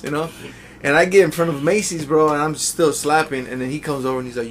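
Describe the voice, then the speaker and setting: Man, podcast host, rapid slangy delivery, fairly high voice, faint room noise. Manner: quick, loose, slangy talker. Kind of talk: casual storytelling chat.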